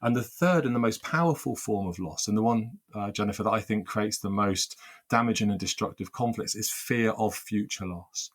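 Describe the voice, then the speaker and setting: Earnest low-voiced male mediator. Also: moderate pace. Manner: earnest, repeats words when restarting, builds lists of phrases. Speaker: workplace mediator, guest. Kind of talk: interview answers.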